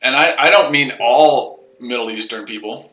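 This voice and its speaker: A man's voice: mid-range voice, normal speed, bright, forceful tone, roomy sound, low-quality recording. A man hosting a casual live trading stream, rambling and repeating himself as he explains his trades. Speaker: trading livestream host.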